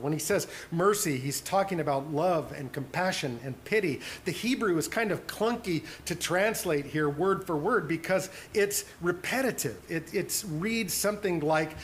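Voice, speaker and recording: A man's voice: on the high side, moderate pace, a little hiss or hum. Earnest man preaching a sermon. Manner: earnest, drops to soft hushed tones on tender points. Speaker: pastor.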